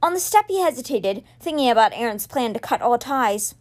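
A woman hosting a podcast, reading a children's novel aloud with expressive storytelling. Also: fairly high pitch, fairly quick. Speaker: podcast reader.

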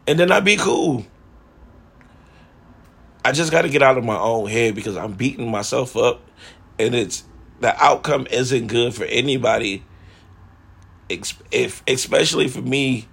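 Man, husky voice, casual confessional vlog, rambling, slangy, profane. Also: mid-range voice, fairly bright tone. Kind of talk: personal confessional monologue.

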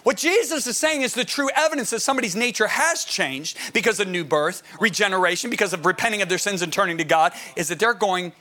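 A middle-aged man preaching a sermon as pastor, emphatic and animated, often asking his listeners questions. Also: sits high, fast talker, hardly any pauses.

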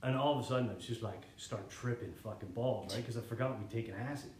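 A man's voice: mid-range voice, fast, a little mellow, a little hiss or hum. Young man, casual rambling storyteller, swears a lot, echoey room. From Canada. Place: living room.

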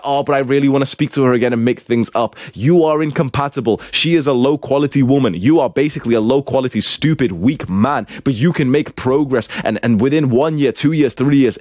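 A man's voice: mid-range voice, a little mellow, dry recording, studio quality. A young man giving blunt, profane dating advice in a lecturing, scolding manner.

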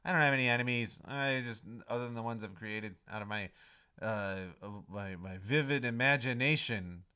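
A man in his thirties hosting a comedy podcast, rambling through a self-mocking intro and swinging from mumbling asides to loud melodramatic pleading. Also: mid-range voice, moderate pace, clear, resonant tone. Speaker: podcast host.

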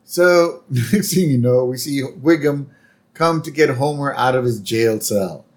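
A man's voice: mid-range voice, unhurried. A man co-hosting a podcast, casually narrating an episode's plot with laughs and quoted lines. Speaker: podcast co-host. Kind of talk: casual chat retelling an episode.

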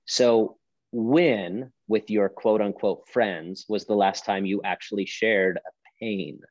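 Brief: male pastor guest, low voice, emphatic preaching cadence, dull lo-fi sound. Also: fairly even intonation, slow pace, a little mellow, no echo. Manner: emphatic, preacherly, rhetorical questions. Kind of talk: podcast conversation.

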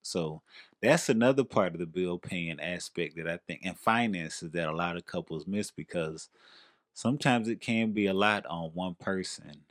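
A man with a Southern accent, co-hosting a casual podcast chat with his wife and telling stories with lively quoted voices. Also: deep voice, normal speed, dry recording, clean studio sound. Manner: animated storyteller, acts out quoted voices. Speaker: podcast co-host.

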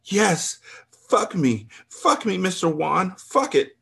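A man's voice: high voice, big pitch swings, slow, gravelly, pushed and bright, slightly rough, voice pushed up, heavily acted. A man voicing a lusty older woman who squeals and shrieks breathlessly in a storybook reading. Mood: shrill, frantic.

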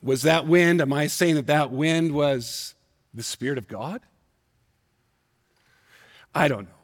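A man preaching a sermon, telling a personal story in an earnest, emotional way and slowing down for emphasis. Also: fairly high pitch, long reverb tail. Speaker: pastor. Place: church sanctuary.

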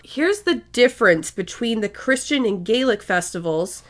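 A woman co-hosting a podcast, reading history notes in a steady way and laughing along with casual banter. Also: a little high. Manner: reads facts steadily, quick to laugh along. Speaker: podcast co-host.

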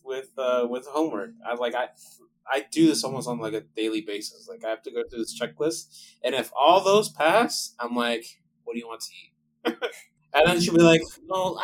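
A man's voice: medium pitch, normal speed, a little hiss or hum, rough recording. A man guest in casual podcast chat, rambling and laughing often.

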